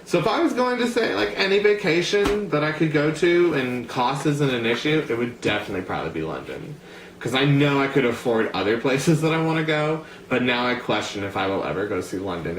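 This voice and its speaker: A young man from the United States talks to camera in a loose, rambling vlog, piling on "like" and "um". His voice has a middling pitch. The room is echoey, with faint ambience behind him. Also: slight background noise. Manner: chatty, rambling, filler-heavy. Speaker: vlogger. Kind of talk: casual talk to camera.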